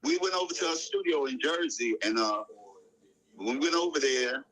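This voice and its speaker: A man, a guest on a talk show, telling a long story in a relaxed, casual way. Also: medium pitch, normal speed, low-quality recording. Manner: animated storyteller, acts out quotes in raised voice.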